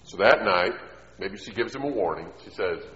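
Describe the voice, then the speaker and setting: A man's voice: sits low, normal speed. A man preaching a sermon on parenting, telling stories and asking the audience questions. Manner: storytelling, animated, asks the audience questions. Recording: echoey hall, dull sound.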